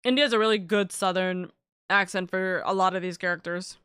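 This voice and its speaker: A woman's voice: on the low side, steady tone, brisk, a bit bright, clear, resonant tone, no echo. A woman hosting a stream, chatting casually and rambling with giggles while she plays. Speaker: streamer host. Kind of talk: casual chat while playing.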